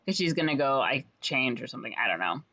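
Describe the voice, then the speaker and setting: A young adult chattily retelling a musical's plot, with lots of ums and quick jumps in pitch to act out the lines. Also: very animated, sharp tone. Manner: rambling storyteller with many fillers, jumps to higher pitch for quoted lines. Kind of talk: casual chat. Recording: slightly dull lo-fi recording.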